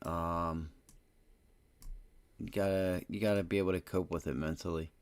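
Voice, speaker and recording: A man hosting a live day-trading stream, cursing bluntly and swinging between low muttering and loud excited bursts. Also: normal speed, clean tone. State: frustrated. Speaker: livestream day-trading host.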